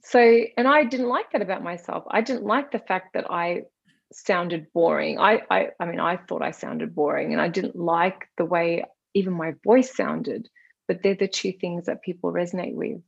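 A calm, soft-spoken woman with an Australian accent, chatting casually as a guest. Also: fairly low pitch, moderate pace, vocal fry, slightly rough, no room sound. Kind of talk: casual chat. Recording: slightly dull lo-fi sound.

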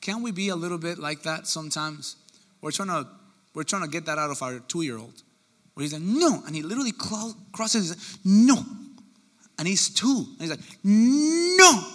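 Bright, animated preacher man. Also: a little high, a little fast. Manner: animated, acts out quoted voices. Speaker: pastor. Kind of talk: sermon.

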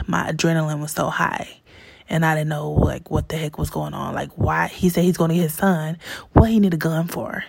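Gravelly low-voiced woman storyteller. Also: dry recording. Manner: chatty, full of fillers, drops into hushed asides. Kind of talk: candid personal storytelling.

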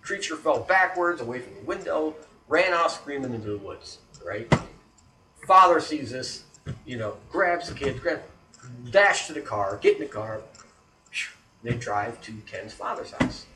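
A man's voice: mid-range voice, animated, unhurried. A man telling a creepy story in casual talk, acting out the scenes with sound effects and often checking in with "right?". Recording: roomy echo, distant mic, faint background noise.

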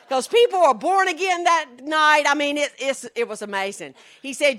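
Southern woman preacher, high bright voice, hushed storytelling that breaks into shouts. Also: animated, moderate pace, hardly any pauses. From Southern United States. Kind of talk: sermon.

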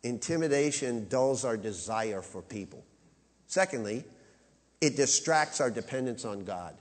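A man preaching a sermon with emphasis, rising to loud high peaks and dropping to quiet low asides. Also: lively intonation, a little slow. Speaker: pastor. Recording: long reverb of a large hall.

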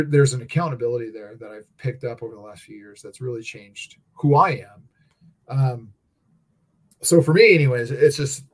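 A man with an ordinary mid-range voice chats candidly. He tells long, rambling stories, peppered with casual curses and fillers. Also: mid-range voice. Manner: candid storytelling, heavy swearing and fillers. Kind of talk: casual chat.

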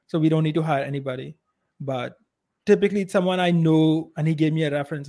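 Talking fast in a higher-pitched voice, an Indian-accented man co-hosts a laid-back podcast. His delivery is blunt and opinionated, with loudness that jumps around.

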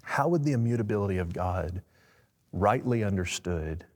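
A man's voice: on the low side, animated, normal speed, a little mellow. A man answering in a preaching style, emphatic and fervent, rising on key words. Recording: long echo.

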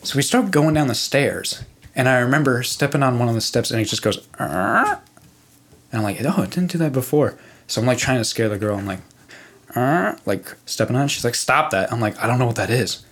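A man's voice: mid-range voice, fast. Young man, podcast guest, casual storytelling, rambling, profane, lots of fillers.

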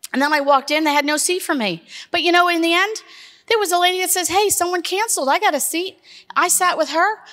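A middle-aged woman with a high voice gives a chatty, animated devotional talk to a room of women. She jokes with her listeners as she goes. Her voice carries a long reverb from the hall around her. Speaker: women's ministry speaker.

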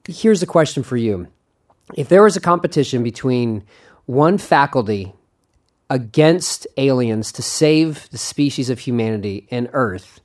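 Eager rambling young male podcast host. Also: mid-range voice. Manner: eager, rambling, self-correcting, laughs often. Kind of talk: casual interview chat.

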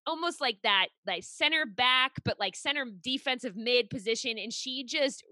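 A woman's voice: a little high, moderate pace, pushed and bright. A young woman hosting a podcast in casual chat, enthusiastic and gushing, with a lot of "like". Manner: enthusiastic, gushing, heavy use of "like". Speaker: podcast host and personal trainer.

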